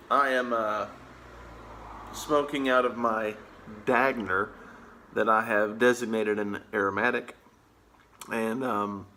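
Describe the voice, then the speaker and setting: A pipe-smoking vlogger with a Southern US accent chats casually, rambling easygoingly with plenty of filler words. His voice is lowish, bright, and forceful.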